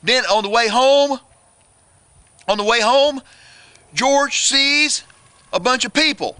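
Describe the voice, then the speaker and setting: A man's voice: very high-pitched, slow pace, pushed and bright, no echo. A man giving a playful booktalk to children, addressing them directly and building suspense. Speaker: children's book reviewer.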